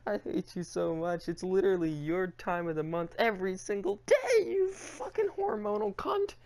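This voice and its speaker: Animated ranting man. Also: sits high, normal speed, vocal fry. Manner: theatrical, mock-crying, swearing. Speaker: podcast co-host. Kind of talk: casual comedic rant.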